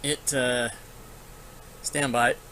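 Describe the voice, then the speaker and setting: A man's voice: medium pitch, flat delivery, drawn-out words, bright, forceful tone, slight background noise, rough recording. A man running an online tabletop game as dungeon master, narrating monster turns casually with lots of filler. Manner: casual, thinking aloud with frequent filler.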